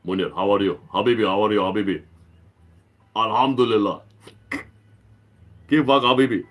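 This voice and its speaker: A man putting on a deep friendly greeter. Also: moderate pace, lightly acted.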